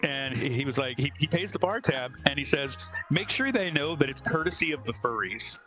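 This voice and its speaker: A convention organizer with a medium-pitched, expressive voice tells a long, meandering anecdote on a live talk show, speaking fairly quickly and quoting other people along the way. The recording is rough, with music in the background.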